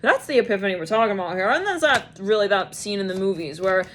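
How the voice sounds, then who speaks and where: A woman's voice: medium pitch, lively intonation, quick pace, a bit bright, slight background noise. Rambling woman giving a tarot reading. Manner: rambling, acts out imagined scenes in quoted voices. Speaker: tarot reader. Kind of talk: casual tarot reading monologue.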